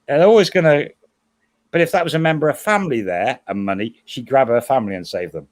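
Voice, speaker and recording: A man's voice: medium pitch, fast, darkish tone. Middle-aged man, rambling chat. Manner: rambling, self-correcting storyteller. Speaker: co-host guest. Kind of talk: casual livestream chat.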